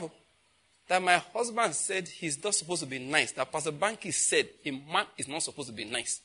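A man in his fifties with a Nigerian accent, a pastor preaching and telling personal stories, growing loud and emphatic when he acts out conversations. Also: high voice, brisk. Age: 50s. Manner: animated storytelling, grows loud and emphatic when acting out dialogue.

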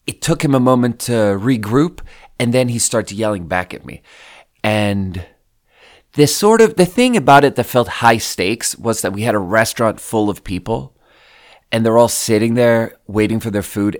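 Low-voiced man telling a rambling story. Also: animated, measured pace. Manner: rambling and profane, with frequent fillers. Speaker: podcast host. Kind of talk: casual storytelling.

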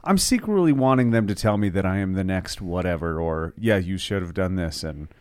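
A man's voice: low-pitched, lively intonation, fairly quick, a little mellow, clean tone, no echo. A man hosting a podcast, asking teasing, joking questions in casual chat. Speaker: podcast host.

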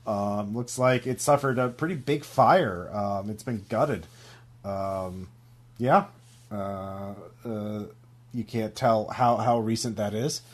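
A man narrating a tabletop role-playing game as game master, hesitant and filling pauses with ums and uhs. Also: on the low side. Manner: halting, many ums and uhs.

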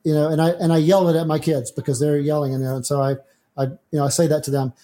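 A middle-aged man with a soft, mellow tone that sits slightly high for a male voice. He talks things through as a guest in a relaxed discussion, reaching for homely examples from daily life. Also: fast. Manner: thinks aloud with homespun examples. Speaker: atheist guest. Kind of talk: conversational discussion.

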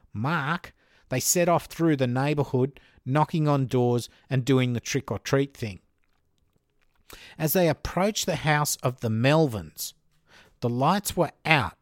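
An Australian man hosts a true crime podcast, telling the story in an easygoing, chatty way and dropping in joking asides. His voice sits at an ordinary middle pitch. The recording is dry and close, with no room sound. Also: no echo. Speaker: podcast host.

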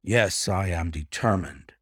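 A man's voice: deep voice, expressive, unhurried, husky, no room sound, studio quality, voice pushed down, full character voice. A man voicing a grim, determined middle-aged husband in a detective story, speaking sternly. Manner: stern and clipped.

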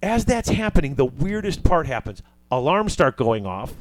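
A man's voice: fairly high pitch, normal speed. Man animatedly recapping a movie. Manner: animated retelling, acting out quoted lines.

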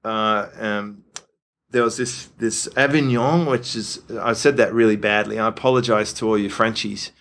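A man's voice: lowish voice, level tone, normal speed, fairly bright tone. Rambling Australian man telling stories. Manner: rambling storyteller, filler-heavy. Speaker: podcast co-host. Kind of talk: casual chat.

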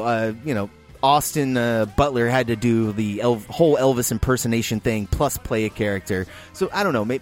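Co-hosting a film podcast, a man delivers a blunt, heavily profane review in casual chat. When he gets worked up, his voice jumps high.

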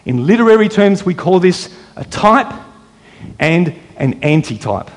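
Male preacher, high voice, teaching sermon that quotes verses. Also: very animated, measured pace. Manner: teaching from scripture, quoting verses, asking the congregation questions.

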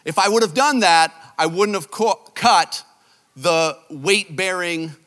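A man, a youth pastor, preaching a sermon and telling self-deprecating stories in an animated way. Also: high voice, slow, big-room sound. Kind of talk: sermon with storytelling.

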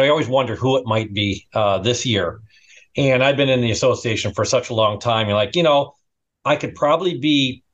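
Rambling middle-aged man, muffled lo-fi sound. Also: mid-range voice. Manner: animated, rambling, repeats words. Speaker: award-winning restaurant owner, guest. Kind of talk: casual storytelling. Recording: dull lo-fi sound.

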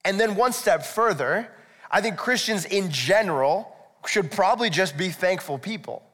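Preaching at normal speed, a man with a high, animated, fairly bright voice addresses his congregation. He is a pastor who explains in a conversational way, adding rhetorical asides, and the echoey hall gives the recording a long reverb.

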